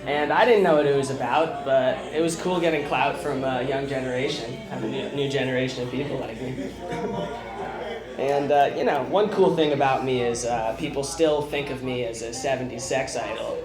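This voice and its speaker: A man's voice: mid-range voice, fairly even intonation, normal speed, over music, natural voice. A man doing a nasal, laid-back, self-satisfied impression of an older film star. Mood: smug. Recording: roomy club with audience.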